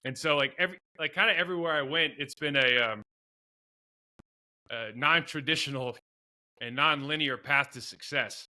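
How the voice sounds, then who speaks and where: A middle-aged man with a very bright, forceful voice tells rambling stories from his football days. He laughs at himself, restarts his sentences and wanders into asides as he goes. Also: a little high, normal speed, pauses often. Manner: rambling, self-deprecating storyteller with many restarts. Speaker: guest, former pro football player. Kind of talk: storytelling in a podcast interview.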